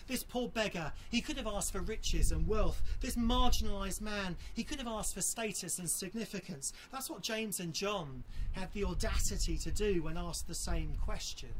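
Earnest preacher with slow emphatic refrains. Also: mid-range voice, a little hiss or hum. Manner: earnest, emphatic, repeats key phrases slowly for weight; appeals directly to listeners. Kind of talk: sermon.

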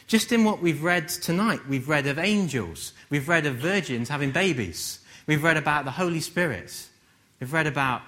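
A man from England giving a conversational sermon, gently humorous and full of rhetorical questions. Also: fairly high pitch. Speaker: preacher.

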